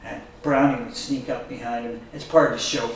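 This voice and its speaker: A man's voice: medium pitch, fairly quick. A man telling rock-and-roll stories in a casual chat, acting out the voices of the people in his anecdotes. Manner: animated storyteller who acts out quotes. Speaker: guest musician. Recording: echoey room picked up from a distance.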